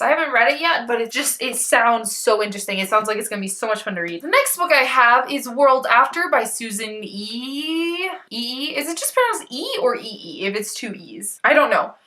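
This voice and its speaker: Bright, high young woman vlogging. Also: lively intonation, normal speed, few pauses. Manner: bubbly and rambling, stumbles over author names. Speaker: book vlogger. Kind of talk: casual chat.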